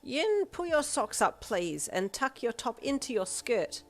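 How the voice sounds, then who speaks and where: A woman voicing an exasperated middle-aged female school principal who speaks slowly and wearily. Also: a little high, soft background music, pitched above the performer's own voice, lightly acted.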